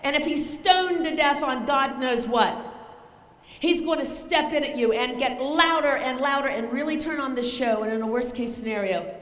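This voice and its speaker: A middle-aged woman giving an animated, emphatic motivational talk on self-defense, joking and acting out scenes. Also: high-pitched, moderate pace. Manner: emphatic, jokey, often shouting and acting out scenes. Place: large conference hall. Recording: echoey hall, faint ambience.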